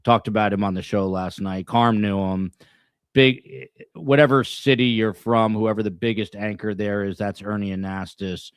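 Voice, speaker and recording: A man's voice: fairly low pitch, steady tone, clear, resonant tone, no room sound, clean studio sound. Rambling New man hosting a podcast. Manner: rambling, halting, many restarts. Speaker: podcast host. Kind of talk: casual chat.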